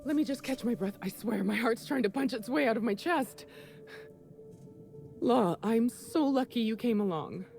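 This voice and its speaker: A woman's voice: on the high side, animated, normal speed, creaky, darkish tone, soft background music. An actress voicing a nervous young woman receptionist in a video game, breathless, rattled and chatty.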